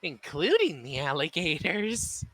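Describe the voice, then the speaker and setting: A man narrating his character's actions in a tabletop role-play, in a halting way that stumbles over words. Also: on the high side, huge pitch swings, a bit bright, no room sound, low-quality recording. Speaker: player.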